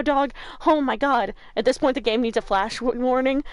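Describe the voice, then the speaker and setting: A woman streaming a game, excitable and loud, swearing freely. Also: sits high, moderate pace, clean tone, no echo, clean studio sound. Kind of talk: casual game commentary.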